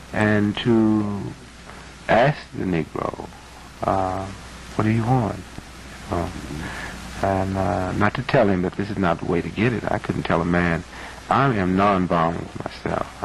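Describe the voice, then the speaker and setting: A man's voice: low voice, vocal fry, rough recording. A man in his thirties arguing his point emphatically in an archival interview, his voice building to a preacherly intensity. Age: 30s. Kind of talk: archival interview, impassioned argument. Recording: archival broadcast audio with faint noise.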